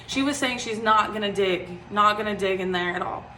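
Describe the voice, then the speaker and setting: A woman's voice: medium pitch, brisk, pushed and bright, a little hiss or hum. A woman in her twenties, telling a personal story in a chatty, casual way, full of "like" and "um". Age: 20s. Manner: chatty, frequent "like" and "um" fillers. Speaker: vlogger. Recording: roomy echo.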